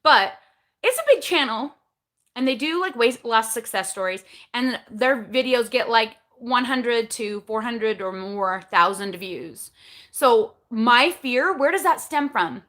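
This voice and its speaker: A woman's voice: on the high side, lively intonation, takes it slowly, a bit bright. A woman in her forties hosting a casual live chat, candid and chatty, often asking herself questions and answering them, then giving step-by-step coaching advice. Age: 40s. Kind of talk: casual live-stream talk.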